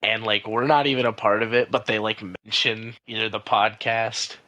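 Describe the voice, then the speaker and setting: Bright-voiced man rambling on a podcast. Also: fairly low pitch, little pitch movement, normal speed, dry recording, low-quality recording. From Iowa. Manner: rambling, heavy on like and you know. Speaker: podcast co-host. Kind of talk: casual podcast chat.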